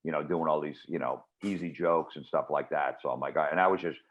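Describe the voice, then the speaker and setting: A man's voice: very deep voice, quick pace. A man guest comedian telling rambling, dry anecdotes in a casual chat. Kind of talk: casual storytelling. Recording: dull lo-fi audio.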